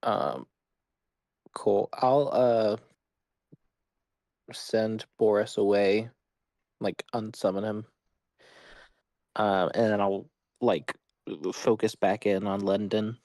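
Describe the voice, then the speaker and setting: A man's voice: fairly low pitch, little pitch movement, slow, pauses often, a little mellow, dry recording. A man playing a tabletop game, blunt and laid-back. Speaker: player. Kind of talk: casual tabletop play.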